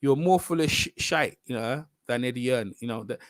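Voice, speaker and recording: A man's voice: mid-range voice, dry recording, clean studio sound. A man ranting in casual boxing commentary, mocking and repeating himself. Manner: animated, mocking, repeats himself, drifts into quick asides.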